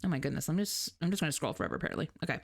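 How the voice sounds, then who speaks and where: A woman's voice: low-pitched, sing-song, racing, vocal fry, slightly rough. A woman from Canada with a Canadian accent, chatting casually on a live stream, rambling and laughing often as she reads her chat.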